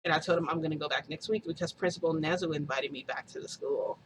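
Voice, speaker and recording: A woman vlogger telling a story to her viewers in a chatty, animated way, acting out quoted dialogue. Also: sits low, fast, a little hiss or hum, poor audio.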